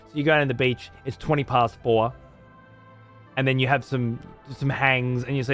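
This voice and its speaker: A man's voice: mid-range voice, fairly even intonation, moderate pace, fairly bright tone, soft background music. Laid-back, profane man. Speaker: game streamer. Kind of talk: casual stream chat.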